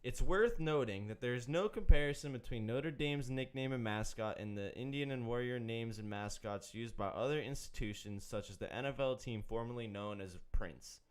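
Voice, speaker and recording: Jokey man hosting a sports show. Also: fairly low pitch. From Irish descent. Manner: jokey, animated, reads quotes aloud. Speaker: sports podcast host. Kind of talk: casual sports chat.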